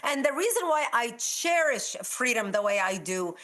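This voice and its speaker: A woman's voice: a little high, big pitch swings, normal speed, a bit bright. A woman from Lebanon, a guest on a talk show, speaking emphatically in an interview.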